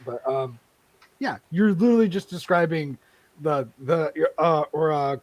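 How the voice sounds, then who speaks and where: A man's voice: fairly high pitch, unhurried, no echo. A man joking and teasing in casual banter on a live show. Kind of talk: casual chat.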